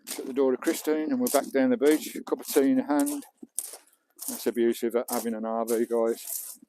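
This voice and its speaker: Chatty Englishman with a mellow voice. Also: mid-range voice, fairly even intonation, moderate pace, a little hiss or hum. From England. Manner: chatty, swears casually, talks to viewers as he works. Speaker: vlogger. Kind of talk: casual live-stream chat. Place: outdoors on a beach and in his camper van. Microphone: small clip-on mic, distance varying.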